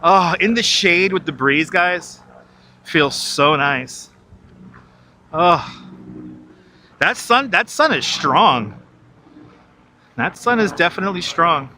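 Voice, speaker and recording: This New York man speaks slowly with long pauses, his high-pitched voice expressive and sharp, with a little hiss or hum on the audio. Outdoors in a large city park, he live-streams a casual walking tour through a wireless clip-on mic, chatting, reading viewer messages, and laughing easily.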